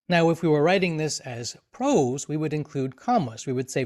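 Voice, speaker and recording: A man teaching grammar in a live online question session, explaining at length with frequent restarts and fillers and reading example sentences with expressive inflection. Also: a little high, fairly quick, hardly any pauses.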